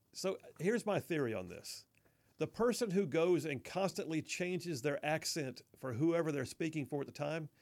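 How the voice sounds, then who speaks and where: Gravelly-voiced talk radio host. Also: male voice, on the high side. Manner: mocking, folksy, says y'all often. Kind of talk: political talk radio commentary. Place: radio studio.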